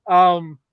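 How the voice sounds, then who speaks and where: A man co-hosting a casual film discussion podcast, animated, laughing often and acting out movie lines. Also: very high voice, dry recording, muffled recording. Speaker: podcast co-host.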